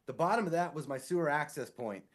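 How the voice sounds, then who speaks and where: A man's voice: fairly high pitch, fast. A man co-hosting a podcast, telling a work story in casual chat and acting out the people he quotes. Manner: animated, acts out quoted voices. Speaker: podcast co-host; sewer inspector.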